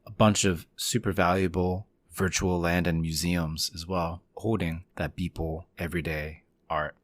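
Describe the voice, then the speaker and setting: A man's voice: deep voice, flat delivery, a little slow, no room sound. A man hosting a podcast, introducing the episode and chatting casually with his guest in an upbeat way. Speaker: podcast host.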